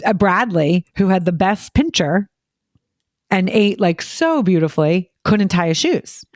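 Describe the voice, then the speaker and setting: Chatty mom telling stories at speed. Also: female voice, mid-range voice, expressive, dry recording, clean studio sound. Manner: rapid, filler-heavy storytelling, acting out quoted voices. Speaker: parent guest. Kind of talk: casual podcast chat.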